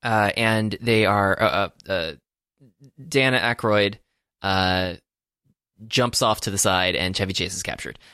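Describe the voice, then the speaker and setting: Bright-voiced man recapping a movie. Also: on the low side, a little slow, clean tone, no echo, clean studio sound. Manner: hesitant, many uh fillers. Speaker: podcast co-host. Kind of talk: casual podcast chat, recapping a film.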